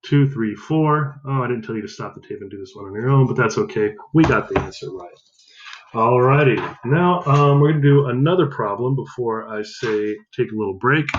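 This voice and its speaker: A man's voice: mid-range voice, lo-fi sound. A male math teacher giving a recorded lesson, upbeat, counting aloud and correcting himself as he goes.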